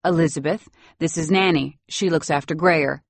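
A woman's voice: low voice, normal speed, creaky, dry recording. A woman voicing a cool, guarded wealthy wife with overly polite manners, in an audiobook.

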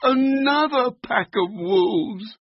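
A man voicing a scared but plucky young male dog in a children's story, in a high, exclaiming voice. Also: sing-song, extremely slow, vocal fry, breathy edge, dry recording, heavily acted. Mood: alarmed. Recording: dull, muffled recording.

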